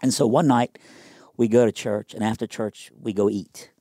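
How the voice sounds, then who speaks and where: A young man telling a personal story in a casual interview, animated and conversational with lots of fillers. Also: lowish voice, normal speed, no room sound, studio quality.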